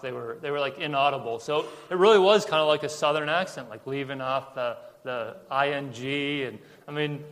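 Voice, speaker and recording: A man's voice: medium pitch, a bit bright. A man preaching a sermon in a casual storytelling way, acting out quotes and often repeating words as he talks. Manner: casual storytelling with acted-out quotes and frequent repetitions. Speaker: pastor. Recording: long reverb of a large room.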